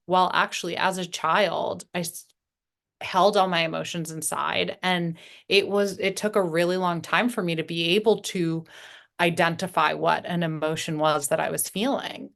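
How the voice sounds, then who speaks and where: A woman in a casual spiritual podcast chat, speaking reflectively and haltingly, pausing mid-thought. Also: on the low side, a bit bright.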